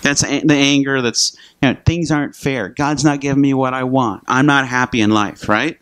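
A man's voice: mid-range voice, fairly even intonation, normal speed, fairly bright tone, clear, resonant tone. A man pastor preaching a sermon in a casual conversational way, asking rhetorical questions and acting out Bible characters. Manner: acts out Bible characters in quoted voices.

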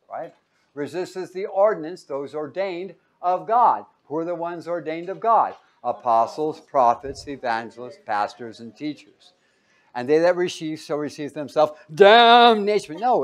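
A man preaching a Bible-teaching sermon, reading verses loudly and pausing for his listeners to call out the missing word. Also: a little high. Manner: quizzing listeners with fill-in-the-blank questions; emphatic, loud when reading scripture aloud.

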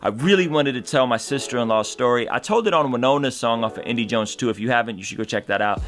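A man's voice: mid-range voice, fast talker, a bit bright, soft background music. A man hosting his own vlog, talking casually and cheerfully to his viewers. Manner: upbeat, chatty, addresses viewers as guys. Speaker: vlogger.

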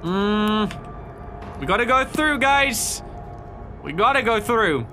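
A man with a high, very lively voice talks through a horror game for his video, joking and getting excited at each scare. Loud game music runs under his voice. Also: slow. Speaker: gaming YouTuber. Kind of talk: let's play reaction commentary.

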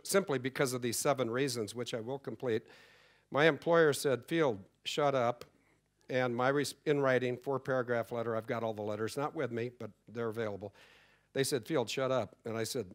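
Animated man giving a conference talk. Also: mid-range voice. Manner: animated storytelling, acts out quoted exchanges. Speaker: conference speaker. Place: conference hall.

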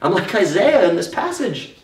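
A man preaching a sermon, telling his own story in an animated way and acting out the thoughts he had back then. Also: high-pitched, moderate pace. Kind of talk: sermon with personal testimony. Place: church hall. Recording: echoey room, mic at a distance.

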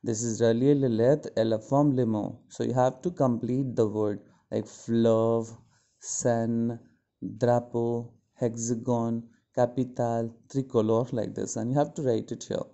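Man teaching slowly, gravelly and dark. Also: mid-range voice, steady tone. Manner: slow explanatory, translating phrase by phrase. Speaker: French teacher. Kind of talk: classroom lesson. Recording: dull lo-fi sound.

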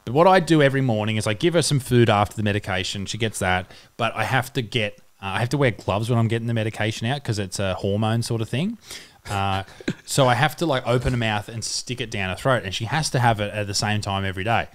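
Crude podcast host. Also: male voice, on the low side, quick pace. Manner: blunt, swears freely, laughs through stories. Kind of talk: casual crude banter.

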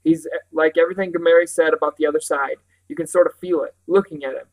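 An anxious, excitable young boy, as a male reader voices him, pleading urgently and earnestly. He speaks a touch higher than the narration, in a storybook reading. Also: fast, natural voice, low-quality recording.

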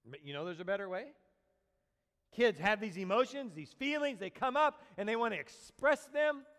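A man preaching a sermon as a pastor, animated, acting out quoted voices and speaking directly to his congregation. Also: sits high, normal speed. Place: church sanctuary. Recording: long church reverb.

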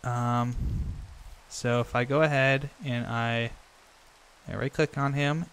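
A young man giving Minecraft let's play commentary, frantic and excitable, rambling fast when thrilled. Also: mid-range voice, clear, resonant tone. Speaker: gaming video host.

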